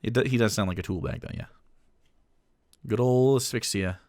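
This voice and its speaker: A man's voice: fairly low pitch, moderate pace, a little mellow, no room sound, clean studio sound. A man streaming live who mocks a clip in casual, profane commentary. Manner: mocking, profane, swings between jokes and asides.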